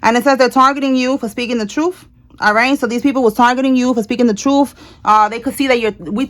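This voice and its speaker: Tarot reader, woman, a little high, blunt and emphatic, swears casually, chatty delivery. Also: fairly bright tone. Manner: blunt, emphatic, swears freely, repeats "all right?". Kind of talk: casual tarot reading to viewers. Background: people talking in the house.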